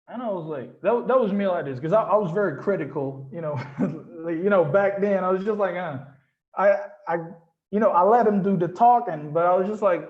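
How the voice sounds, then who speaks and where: Lively man in his thirties, slightly high. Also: brisk, highs cut off. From Brazil. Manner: lively, slangy, acts out quotes. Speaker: panelist. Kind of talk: animated storytelling in a panel discussion.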